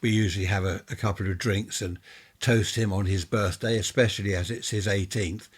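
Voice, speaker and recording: A man reading a ghost story aloud, voicing a gentle, talkative middle-aged woman who rambles and sighs. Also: fairly low pitch, fairly even intonation, fairly quick, slightly rough. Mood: chatty, sorrowful. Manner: warm, rambling, sighing.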